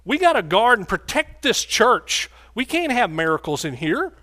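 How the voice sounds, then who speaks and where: A man's voice: sits high, very animated, normal speed, pushed and bright, pitched above the performer's own voice, full character voice. A man playing a pompous, indignant male synagogue ruler who scolds in a self-righteous way.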